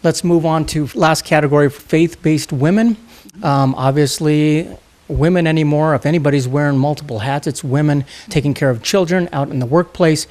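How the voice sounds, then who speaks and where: A man's voice: on the high side, normal speed, a little mellow. A man hosting a TV interview, asking leading questions and summarizing what his guest says. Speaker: TV host. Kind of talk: TV interview host. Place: studio.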